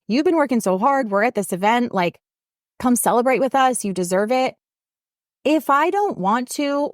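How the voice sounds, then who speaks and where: A woman's voice: no echo, studio quality. A woman fitness coach hosting her own podcast, talking casually and emphatically, her voice jumping up when she gets fired up. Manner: animated, emphatic, rising pitch when fired up. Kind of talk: casual solo podcast talk.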